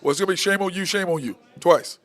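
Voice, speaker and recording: A man's voice: high voice, quick pace, a bit bright. A man hosting a sports talk show, ranting bluntly and repeating his points. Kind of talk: opinionated sports talk monologue.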